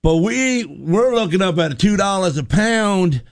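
A man's voice: high voice, lively intonation, unhurried, no echo, clean studio sound. A man casually telling a long rambling story on a talk show, acting out what people said. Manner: rambling storyteller, acts out quotes. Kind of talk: casual radio chat.

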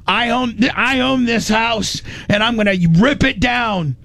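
A man's voice: very high-pitched, unhurried, creaky, fairly bright tone, no room sound, pitched above the performer's own voice, full character voice. A man voicing an angry drunk husband who threatens to tear down his own house, in a coarse, threatening way. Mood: belligerent.

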